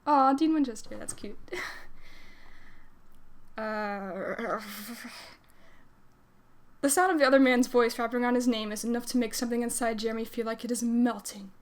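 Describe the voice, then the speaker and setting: A woman streamer reads fanfiction aloud on a livestream in a loose, casual way. Her voice sits fairly high, and she giggles and breaks off for chatty asides between passages. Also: moderate pace, long pauses.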